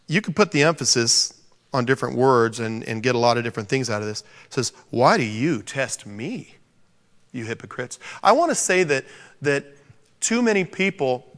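A man preaching a sermon to a congregation, animated and joking, acting out the scripture quotes. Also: medium pitch. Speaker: pastor. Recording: long reverb of a large hall.

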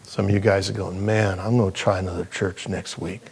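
A middle-aged man preaching a sermon as pastor, animated and jokey, with sudden loud high bursts. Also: a little fast, vocal fry, husky.

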